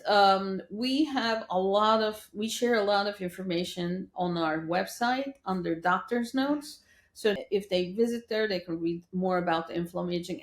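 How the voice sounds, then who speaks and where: A woman guest in a podcast interview, talking as a skincare scientist and telling lively stories in which she acts out other people's voices. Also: on the low side. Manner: lively storyteller who acts out quoted voices. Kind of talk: interview conversation. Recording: roomy echo.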